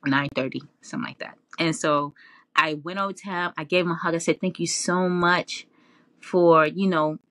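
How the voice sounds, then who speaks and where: Bright-voiced woman telling her story. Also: fairly low pitch, moderate pace, no echo. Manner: animated, laughing, filler-heavy. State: tearful, near crying. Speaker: interview guest, dancer. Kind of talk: casual storytelling interview.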